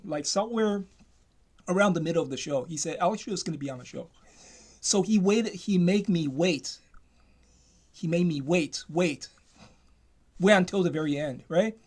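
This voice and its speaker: A man ranting in a commentary, emphatic and repetitive, often restarting his sentences. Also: sits high.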